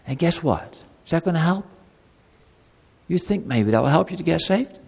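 A male pastor preaching an earnest sermon to children and a congregation. He swings between loud emphatic lines and soft, low asides. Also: expressive, normal speed, vocal fry, long pauses, slightly rough, dull audio. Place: church. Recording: long hall reverb.

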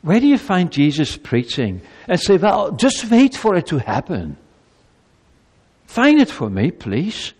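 A man preaching an evangelistic sermon in a church, pleading and impassioned, swinging between loud emphasis and hushed solemnity. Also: sits high, huge pitch swings, a little slow, slightly rough, long reverb tail.

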